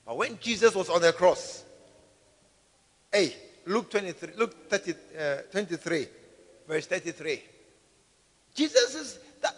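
A man's very high, piercing, bright voice carries an emphatic sermon in which he keeps questioning the congregation. Behind him, the church hall leaves a long reverb.

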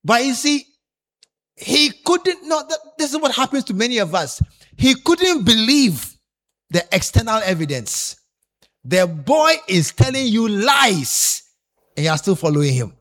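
A man's voice: very high-pitched, a little slow. A man preaching a sermon, telling the congregation to turn to their neighbors and often repeating himself. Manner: animated, repeats himself, tells listeners to tap their neighbor.

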